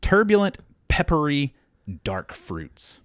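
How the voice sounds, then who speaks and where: A young man co-hosting a relaxed podcast chat. His pitch bounces around a lot while he cracks puns and reads labels aloud, and the recording is dry and close, with no room sound. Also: takes it slowly, dry recording. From Alabama, USA. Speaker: podcast co-host. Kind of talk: casual chat.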